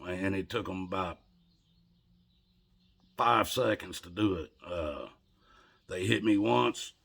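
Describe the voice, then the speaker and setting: Man with a low, gravelly voice and a bright, husky edge, casual rambling storytelling. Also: slow. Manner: rambling, conversational, with repeated restarts.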